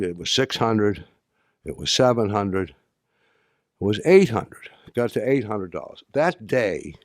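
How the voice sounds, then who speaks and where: An older man giving an anecdotal talk to an audience, halting with restarts and dry humor. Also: fairly low pitch, no room sound. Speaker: speaker addressing an audience.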